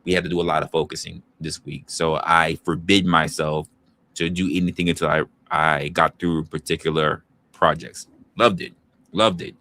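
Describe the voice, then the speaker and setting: A man with a notably low voice hosts a casual livestream. He talks straight to his chat in a loose, rambling way, often restarting a sentence to fix a word or chase a new thought. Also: flat delivery, moderate pace, bright, forceful tone. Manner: rambling, loose, self-correcting. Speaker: livestream host.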